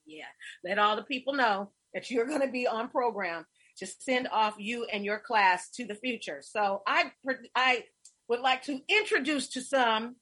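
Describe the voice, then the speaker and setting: Middle-aged woman host, husky bright voice, effusive storyteller, casual chat. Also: fairly high pitch, moderate pace.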